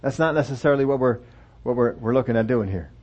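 A man's voice: medium pitch, quick pace, darkish tone. A man preaching a sermon and reading from the Bible in a conversational way, asking his listeners rhetorical questions. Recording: dull lo-fi recording.

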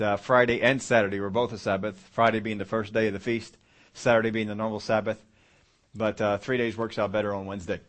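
A man's voice: fairly low pitch, a bit bright. Man preaching with emphatic repetition. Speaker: pastor. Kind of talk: sermon.

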